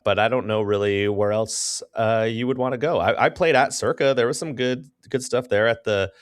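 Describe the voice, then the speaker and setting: A man's voice: medium pitch, moderate pace, smooth, dry recording, clean studio sound. A man co-hosting a casual podcast, reading listener questions and telling stories with a laugh. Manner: laughing, storytelling, acts out quotes. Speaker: podcast co-host. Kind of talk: casual chat.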